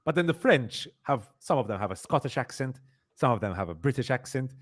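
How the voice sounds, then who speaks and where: A man's voice: mid-range voice, lively intonation, brisk. A man hosting a podcast, reviewing a series in casual chat, rambling with many fillers and repeats and emphatic complaints. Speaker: podcast host.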